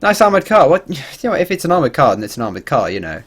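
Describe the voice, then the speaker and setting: Lively, rambling male game streamer. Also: a little high, very fast. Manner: animated, rambling, swears and laughs freely. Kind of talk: casual livestream commentary.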